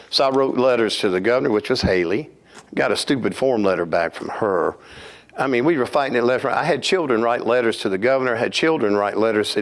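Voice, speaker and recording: A Southern US pastor speaks in a somewhat low voice. He tells stories plainly and earnestly at a church Bible study, and he sounds like he means every word. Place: church hall.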